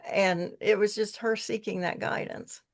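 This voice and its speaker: Female guest, earnest rambling storyteller with a gravelly, creaky edge. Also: medium pitch, fairly even intonation, measured pace. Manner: earnest, rambling, with frequent restarts. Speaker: podcast guest, tea leaf reader. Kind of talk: casual storytelling conversation.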